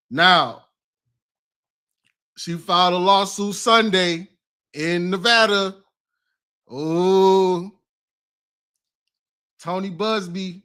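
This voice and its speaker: A man's voice: sits high, pushed and bright. A man giving casual reaction commentary, slangy, exclaiming and laughing as he reads out news.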